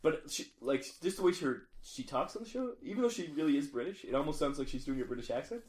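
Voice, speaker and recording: A man co-hosting a casual chat, quick, blunt and opinionated. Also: fairly high pitch, expressive, a little mellow, roomy sound. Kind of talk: casual chat about a TV show.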